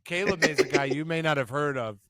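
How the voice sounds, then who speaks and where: A man's voice: on the high side, a little fast, a crowd in the background. A man co-hosting a casual sports podcast, joking and rambling with restarts over a remote call. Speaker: podcast co-host. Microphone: remote call mic.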